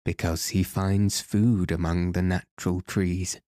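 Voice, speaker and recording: A man reading the part of a calm gnome king who explains things in a measured way. The voice sits low and unhurried, with a mellow tone. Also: no room sound, studio quality.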